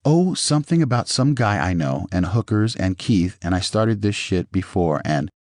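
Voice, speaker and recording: Brief: pleading, frightened woman caller, read by a man with a lively dark voice. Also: fairly low pitch, normal speed, no echo, clean studio sound, lightly acted. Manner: pleading, repeated appeals. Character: frightened woman calling police.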